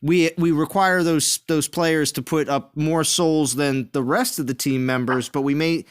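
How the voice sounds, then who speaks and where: A man's voice: a little high, fairly even intonation, unhurried. A man hosting a game livestream, talking casually in an upbeat, reassuring way with repeated words. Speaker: livestream host. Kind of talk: casual chat.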